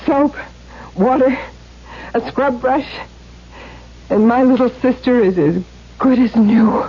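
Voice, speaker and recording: An actress playing a bitter, resolute young woman with intense, quiet delivery in a 1970s radio drama. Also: a little high, slow. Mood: tender. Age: young adult. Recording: dull 1970s radio broadcast, faint hiss.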